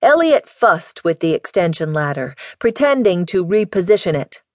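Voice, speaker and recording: In clean studio sound with no room tone, a fairly low-pitched woman reads a scripted audiobook narration. Her storytelling is steady and measured.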